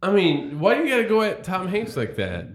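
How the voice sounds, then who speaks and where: A man's voice: high voice, huge pitch swings, brisk, reverberant. A man co-hosting a casual podcast, telling long rambling stories and stumbling over repeated words. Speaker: podcast co-host. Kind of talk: casual chat.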